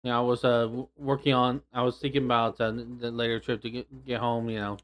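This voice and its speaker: A man joining casual podcast talk. He is laid-back and pauses to find his words. His voice sits at a middling pitch. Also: flat delivery. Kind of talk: casual chat.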